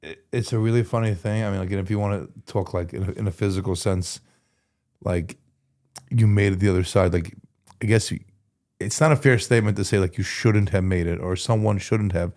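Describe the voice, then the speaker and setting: A man in his forties talks candidly as an interview guest, his voice sitting slightly low. He rambles through stories, restarting words and dropping casual slang. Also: fairly even intonation, brisk, a little mellow. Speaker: guest in recovery. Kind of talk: casual conversational storytelling.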